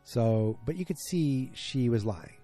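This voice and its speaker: A man's voice: mid-range voice, lively intonation, measured pace, mellow, faint music behind. A man hosting a casual solo podcast, retelling events in a rambling, self-correcting way. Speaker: podcast host.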